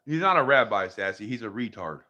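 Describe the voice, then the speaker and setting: Male streamer, casual and foul-mouthed, irritated ranting; bright, lively voice that swings a lot. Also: lowish voice, a little fast, dull audio. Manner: talks to viewers and his dogs. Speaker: livestream host. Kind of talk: casual livestream chat.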